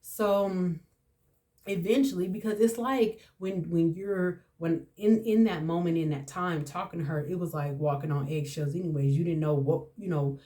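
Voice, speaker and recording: A woman's voice: lowish voice, normal speed, mellow. A woman around forty hosting a podcast, telling a personal story in a candid, emotional way and often repeating herself. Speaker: podcast host.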